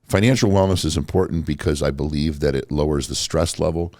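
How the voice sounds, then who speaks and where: Deep-voiced blunt male podcast host. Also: a little fast, darkish tone, no room sound, studio quality. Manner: blunt, swears freely. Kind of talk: casual interview storytelling.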